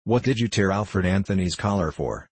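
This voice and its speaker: A man's voice: deep voice, animated, moderate pace, a little mellow, breathy edge. A man voicing a stern, proud miner's wife who speaks coldly and in clipped phrases. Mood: cool. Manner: cold, clipped.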